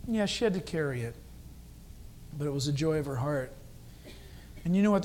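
A male pastor giving a sermon in a church, telling stories and swinging between quiet earnest talk and loud, excited preaching. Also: a little high, slight background noise.

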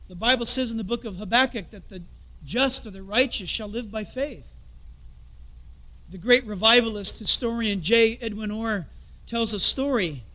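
A man preaching a sermon as pastor, telling a story and dropping into soft, confiding asides. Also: sits high.

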